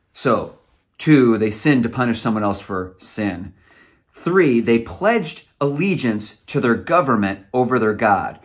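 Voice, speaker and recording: A man's voice: medium pitch, big pitch swings, normal speed. A man preaching a sermon, earnest and emotional, sometimes stumbling over his words.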